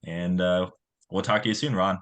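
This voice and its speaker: Male host, low pitch, casual and grateful sign-off. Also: fairly even intonation, moderate pace, fairly bright tone. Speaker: podcast host. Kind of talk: casual chat.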